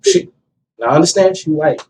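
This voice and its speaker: Young man, fairly high voice, talking from a distance over faint room noise; animated storyteller who acts out quotes. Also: a little fast, creaky. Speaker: guest telling his story. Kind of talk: casual conversation.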